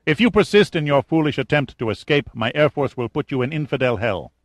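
A man's voice: medium pitch, lively intonation, fairly quick, no echo, clean studio sound, pitched above the performer's own voice, close to an everyday voice. A man voicing a cold, commanding military general in an audiobook, speaking in a clipped, threatening way. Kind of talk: audiobook character voice.

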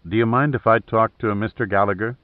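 A man voicing a calm, polite male investigator who speaks plainly. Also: lowish voice, a little fast, dry recording, lightly acted. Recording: thin phone-like dry audio.

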